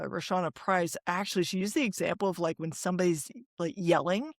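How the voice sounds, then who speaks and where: A woman's voice: fairly low pitch, no room sound, clean studio sound. A woman hosting a podcast interview, reflecting back what her guest says and offering her own notes. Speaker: podcast host.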